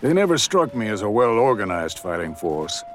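A man narrating a western audiobook voices a cool, refined male gambler who speaks with measured, formal diction. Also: fairly low pitch, big pitch swings, slight background noise, pitched below the performer's own voice. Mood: dry.

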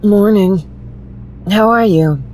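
A woman's voice: medium pitch, slow pace, darkish tone, a little hiss or hum, close to an everyday voice. An actress playing a dry, sarcastic woman necromancer and bounty hunter. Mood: wry.

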